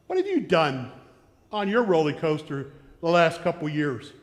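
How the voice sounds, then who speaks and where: Animated American preacher in a hall. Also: male voice, a little high, unhurried. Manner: animated storyteller, acting out shouted quotes. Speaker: pastor. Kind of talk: sermon with storytelling. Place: church sanctuary.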